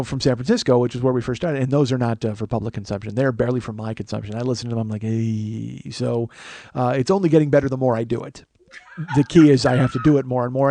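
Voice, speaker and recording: A man in his forties hosts a comedy podcast in loose, casual chat. His voice sits a little high, and he rambles, jokes crudely and makes fun of himself. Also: no room sound. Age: 40s. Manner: rambling, self-mocking, crude. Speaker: podcast host.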